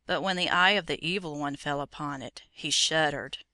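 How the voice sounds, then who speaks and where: A narrator reading an old legend in a steady, measured storybook manner. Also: mid-range voice, dry recording.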